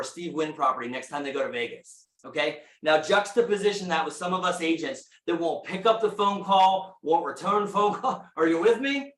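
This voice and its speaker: A man giving an energetic motivational talk to a live audience, telling stories and asking the room questions. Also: a little high. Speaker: speaker at a real estate meeting. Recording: echoey room.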